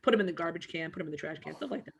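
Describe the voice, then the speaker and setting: A woman's voice: deep voice, creaky, crowd noise. A woman comedian chatting casually as a guest, telling joking stories about her family. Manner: quick, joking storyteller. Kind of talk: casual chat.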